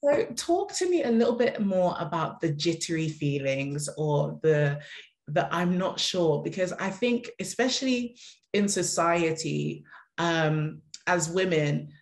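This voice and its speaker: A woman hosting a podcast, asking thoughtful questions in a halting way with many pauses and fillers. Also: deep voice, expressive. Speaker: podcast host. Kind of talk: interview questions, conversational. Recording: echoey room.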